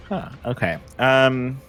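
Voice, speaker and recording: Bright-voiced guy playing a tabletop game, lively, chatty, faint music under him. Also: mid-range voice. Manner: rambling, quick jokes and asides. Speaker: player. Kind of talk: casual tabletop game chat.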